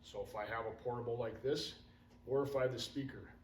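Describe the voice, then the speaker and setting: A man's voice: mid-range voice, steady tone, a little fast. A man giving casual, hands-on radio training to firefighters, folksy and drifting into stories. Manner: casual, folksy, wanders into anecdotes. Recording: roomy, distant, faint room hum.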